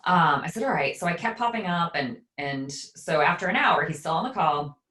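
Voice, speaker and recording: A woman's voice: fairly low pitch, normal speed. A woman co-hosting a podcast, casually telling a personal story and acting out what people said. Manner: animated storyteller who acts out quoted voices. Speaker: podcast co-host.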